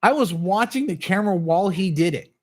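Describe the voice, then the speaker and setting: Here the channel host, a man with a high and expressive voice, talks fairly fast. He's recounting a drawn-out, upset story on a laid-back livestream, swearing freely and playing out other people's lines.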